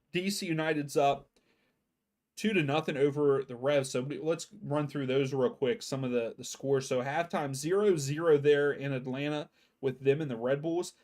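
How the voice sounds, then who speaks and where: A man with a medium-pitched voice hosts a live soccer watchalong from home. He talks loosely and casually, running through scores with fillers and restarts. He sounds a bit sleepy. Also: darkish tone. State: sleepy, yawning. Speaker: watchalong streamer host. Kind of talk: casual live-stream commentary.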